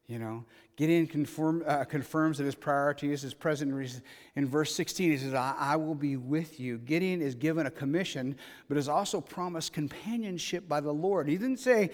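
A man preaching a sermon, reading scripture aloud and acting out the dialogue in a lively, conversational way. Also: a little high, normal speed. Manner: animated preaching, reads scripture aloud and acts out paraphrased dialogue. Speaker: pastor. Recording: long hall reverb.

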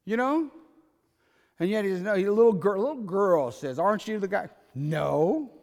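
A man preaching a sermon in a conversational way, alternating loud emphatic lines with quiet asides. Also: high-pitched, lively intonation, moderate pace, in a large hall. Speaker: pastor.

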